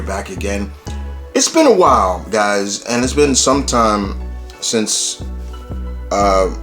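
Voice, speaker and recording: A man's voice: on the low side, a bit bright. A man from New York hosting his own channel, chatting loosely about wrestling with lots of fillers. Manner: loose, rambling, many fillers. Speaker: YouTube host. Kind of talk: casual wrestling commentary vlog.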